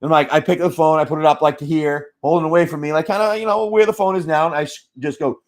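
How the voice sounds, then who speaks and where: A man hosting a live card-pack stream, chatting casually, telling a story with quoted lines, swearing freely and talking loudly. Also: on the high side, lively intonation, fast, hardly any pauses. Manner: loud, swears freely, tells stories with quoted dialogue. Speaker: live card-break seller. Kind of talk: casual chat while opening card packs.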